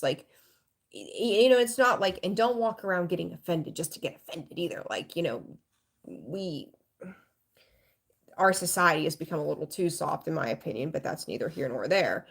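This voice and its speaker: A woman's voice: low voice, big pitch swings, normal speed, creaky, a bit bright, breathy edge. A woman giving a live tarot reading in a frank, rambling way, swearing casually and greeting viewers. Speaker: tarot reader.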